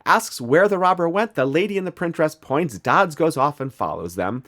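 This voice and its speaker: A man's voice: fairly high pitch, animated, moderate pace, sharp tone. Chatty Midwestern man recapping a show. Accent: Midwestern American. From Midwestern United States. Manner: rambling, chatty, many fillers and restarts. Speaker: podcast co-host. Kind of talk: casual podcast episode recap.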